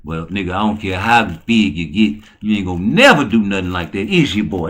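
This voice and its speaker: A man with a low-set voice hosts his own livestream, rambling loosely from one thing to the next. He is profane and boisterous, dropping into low mutters and then surging into loud, excited bursts. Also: a little fast. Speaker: channel host.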